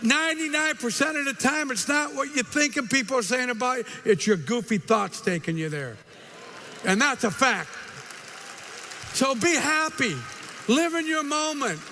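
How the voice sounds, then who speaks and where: An older man gives a live motivational talk, his very high, bright voice ringing out with long hall reverb. He tells his stories in an animated way, acting out the quotes and dropping in short, punchy asides, with faint ambience behind him. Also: moderate pace, a faint crowd, slight background noise. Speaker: motivational speaker.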